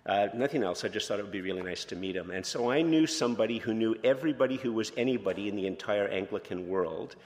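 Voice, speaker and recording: A man's voice: on the low side, expressive, fast, hardly any pauses, darkish tone. Man preaching in a reverberant hall. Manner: informal and candid, many fillers and restarts. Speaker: pastor. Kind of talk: conversational sermon with personal storytelling. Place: church sanctuary.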